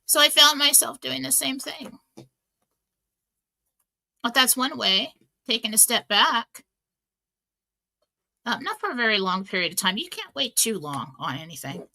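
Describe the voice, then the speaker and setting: A woman's voice: on the high side, sing-song, a little slow, gravelly, long pauses, pushed and bright. A middle-aged woman hosting a radio talk show, telling stories in a chatty way, full of fillers and restarts. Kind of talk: casual inspirational talk.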